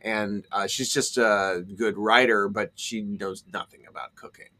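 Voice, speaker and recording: Slow, hesitant man with a bright voice. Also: on the low side, steady tone. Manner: slow, hesitant, many ums. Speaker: podcast co-host. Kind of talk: casual movie chat.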